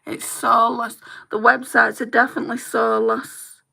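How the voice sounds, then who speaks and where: Bright, gravelly woman chatting. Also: fairly high pitch, flat delivery, measured pace. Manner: chatty, candid storytelling with laughs. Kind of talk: casual chat while doing makeup.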